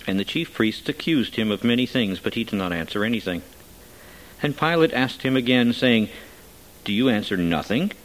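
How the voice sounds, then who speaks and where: A man reads scripture aloud in a measured, solemn manner. His voice sits at an ordinary middle pitch for a man. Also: expressive, low-quality recording. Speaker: scripture reader. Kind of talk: scripture reading.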